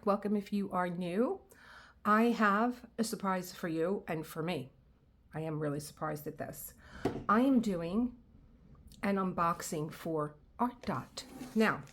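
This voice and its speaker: A middle-aged woman hosting her own craft channel, chatting excitedly through an unboxing, trailing off mid-sentence and dropping to a whisper in awe. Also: mid-range voice, slight background noise. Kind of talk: casual unboxing chat.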